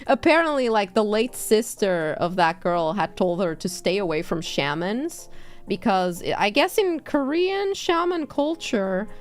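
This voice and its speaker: Lively, swearing woman streamer. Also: a little high. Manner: animated storytelling, swears freely, laughs often. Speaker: VTuber streamer. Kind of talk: casual stream chat.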